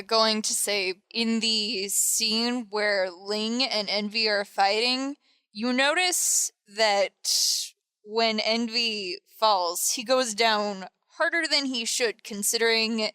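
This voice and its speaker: A woman co-hosting a casual review podcast, making wry, unhurried remarks. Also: fairly high pitch, sharp tone, smooth, no room sound. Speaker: podcast co-host. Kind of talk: casual anime review chat.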